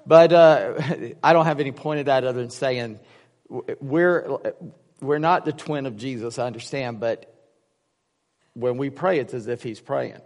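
A man's voice: mid-range voice, measured pace, darkish tone, in a large hall. A man preaching a casual sermon, rambling through personal stories with many restarts and fillers. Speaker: pastor.

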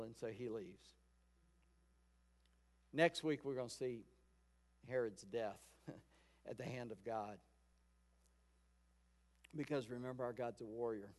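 A pastor giving a sermon in a conversational storytelling way, acting out quoted lines. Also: male voice, mid-range voice, a little slow, pauses often, darkish tone. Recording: long hall reverb.

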